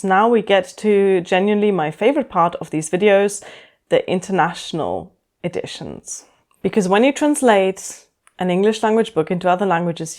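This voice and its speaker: A woman's voice: mid-range voice, a little mellow. Wry woman vlogger reviewing books. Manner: wry, dry humour. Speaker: book vlogger. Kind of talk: casual review commentary. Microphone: camera-mounted shotgun mic.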